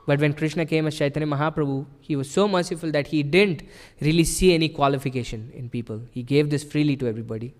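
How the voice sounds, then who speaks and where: A man's voice: a little high, quick pace, few pauses, big-room sound. A man giving an earnest devotional sermon at a temple, explaining patiently and often checking in with his listeners. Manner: earnest, explanatory, with frequent rhetorical "right?". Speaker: temple speaker. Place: temple hall.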